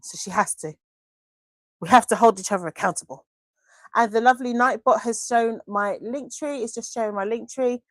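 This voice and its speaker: A woman's voice: a little high, normal speed, no echo, studio quality. A woman hosting a live craft stream, chatting casually and gushing affectionately as she reads viewer comments aloud into a desk microphone. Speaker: craft livestream host.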